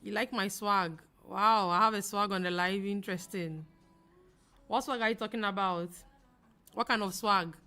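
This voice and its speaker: Fast-talking woman hosting a trading livestream. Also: mid-range voice, steady tone, sharp tone. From Ghana. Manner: fast-talking, reads comments aloud and answers them. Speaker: forex trading livestream host. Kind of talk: casual livestream chat reading viewer comments.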